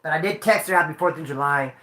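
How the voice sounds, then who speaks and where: A man's voice: a little high, fast, bright, forceful tone, echoey room, a little hiss or hum. A grieving man, talking casually to his livestream chat in a slangy, emotional way. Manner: slangy, emotional, addresses chat as homeboy and dude. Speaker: livestream host.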